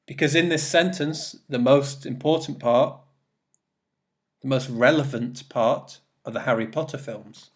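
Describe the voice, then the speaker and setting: A man's voice: mid-range voice, measured pace. A man teaching an English grammar lesson in a recorded presentation, explaining step by step and repeating his examples.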